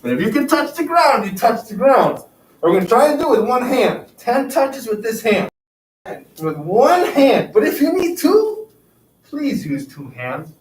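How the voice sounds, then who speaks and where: A yoga instructor leads a class, counting reps in a slow, unhurried way and cheering the group on. The pitch swings widely. It is recorded from a distance in an echoey room, with faint noise behind. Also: very animated. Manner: counting out reps, upbeat encouragement. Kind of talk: guided exercise class.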